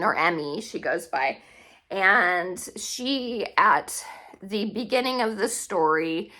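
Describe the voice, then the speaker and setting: A woman hosting a book vlog, chatting in a casual, rambling way and stopping to search for names. Her voice sits a little low but sounds bright and forward. She takes her time, drawing out her phrases. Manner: chatty, pauses to recall names, frequent um and laughs. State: tearing up. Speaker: book channel host.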